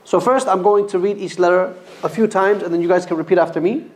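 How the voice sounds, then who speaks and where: A man's voice: high-pitched, quick pace, a little mellow. A man teaching a Quran reading class in a mosque, sounding out letters for students to repeat. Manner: repeats letters for students to echo, stressing pronunciation. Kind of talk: classroom recitation lesson.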